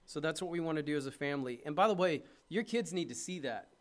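A middle-aged man, a pastor preaching a sermon with impassioned urging that drops to soft tenderness. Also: a little high, lively intonation, quick pace.

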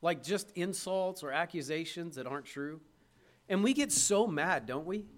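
A man's voice: fairly high pitch, expressive, moderate pace. A man preaching an emphatic sermon, reading scripture aloud and putting rhetorical questions to his listeners.

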